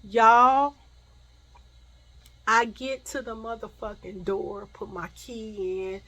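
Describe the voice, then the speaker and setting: A woman's voice: medium pitch, unhurried, rough recording. A woman telling a story about her own past in a casual storytime vlog, swearing freely and acting out the other voices. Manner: animated, swears freely, acts out voices, drops to a hush for scary parts.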